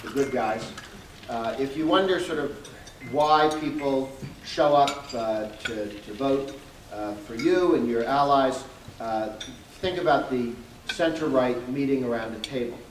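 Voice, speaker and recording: A male guest speaker from Massachusetts delivers a keynote with dry humor, halting on filler words. He is far from the microphone in an echoing banquet hall, with dishes and cutlery clinking throughout. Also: medium pitch, a little hiss or hum. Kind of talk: luncheon keynote speech. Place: banquet hall at a lunch event. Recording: roomy, distant mic with clinking dishes.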